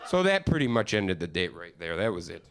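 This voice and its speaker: A man's voice: deep voice, sing-song, a little fast. Profane, rambling stand-up comedian man. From Upstate New York. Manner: profane, rambling storytelling with mock-exasperated asides. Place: comedy stage with live studio audience.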